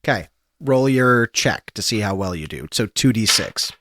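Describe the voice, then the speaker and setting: A man's voice: on the low side, expressive, moderate pace, background noise. A man narrating as game master of a tabletop role-playing game, loose and full of fillers.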